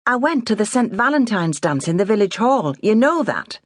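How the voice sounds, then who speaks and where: A woman voicing a defiant nineteen-year-old farm girl, sharp and sarcastic. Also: mid-range voice, big pitch swings, moderate pace, dry recording, clean studio sound, pitched above the performer's own voice.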